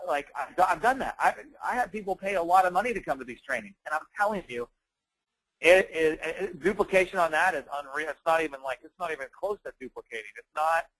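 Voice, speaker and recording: A man with a slightly high voice coaches an audience in a loose, conversational way. He talks fast and emphatically, with plenty of fillers. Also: a bit bright, poor audio. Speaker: network marketing trainer. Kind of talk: casual training talk.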